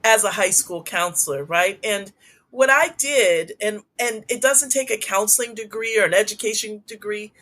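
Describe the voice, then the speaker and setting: A woman's voice: mid-range voice, moderate pace. A middle-aged woman talks as an interview guest and tells stories from her years in schools. She keeps checking in with "right?" and briefly acts out the people in her stories. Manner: animated, frequent "right?" tags, acts out quoted voices. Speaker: guest, former school superintendent. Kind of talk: casual interview storytelling.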